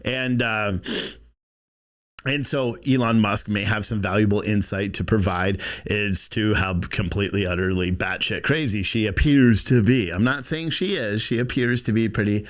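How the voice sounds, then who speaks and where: A man's voice: lowish voice, moderate pace. A man hosting a live-streamed podcast, rambling and swearing through casual commentary. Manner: rambling, swearing, animated with laughs. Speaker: podcast host.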